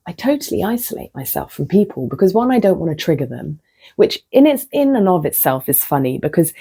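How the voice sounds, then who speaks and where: Low husky woman musing to camera. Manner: candid, self-mocking storytelling with soft drops into near-whispers. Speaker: vlogger. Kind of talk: casual reflective monologue.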